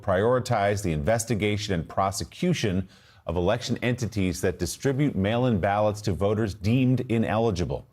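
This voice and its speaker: Male news reader, lower voice, measured, for a TV news segment. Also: a little mellow. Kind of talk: news report.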